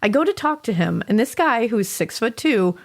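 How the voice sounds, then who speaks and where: A young woman co-hosting a podcast, reading a listener's spooky story aloud in a lively way, laughing and swearing often. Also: fairly high pitch, moderate pace. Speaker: podcast co-host.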